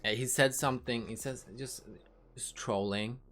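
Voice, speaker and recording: A woman's voice: very deep voice, fairly even intonation, normal speed, fairly bright tone. A woman livestreamer in casual chat, talking frankly to her viewers and swearing freely, with faint music behind her.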